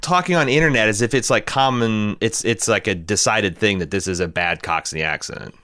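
Casual podcast co-host, man in his thirties, rambling and profane, low voice with a bright edge. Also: brisk, no echo, studio quality. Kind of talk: casual movie chat.

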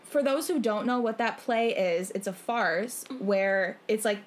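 A woman's voice: medium pitch, measured pace, slight background noise. A young adult woman co-hosting a podcast in casual chat, explaining at length with many "like" fillers and free swearing. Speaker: podcast co-host.

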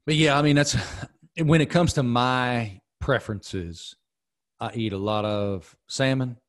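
He's a middle-aged podcast host from the American South, telling stories in a casual, emphatic, animated way. The voice is mid-range and unhurried.

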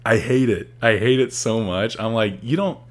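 Young male co-host, low-pitched, loose crude banter, frequent laughter. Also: normal speed. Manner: laughs often, mocks with exaggerated put-on quotes. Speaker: podcast co-host. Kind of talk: casual crude chat.

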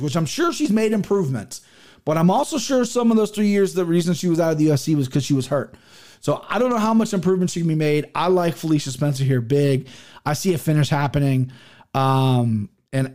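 Young guy rambling through fight picks, swears a lot, voice sits a bit high. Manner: profane, rambling, animated, with many restarts. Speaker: MMA betting picks host. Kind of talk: casual solo picks show.

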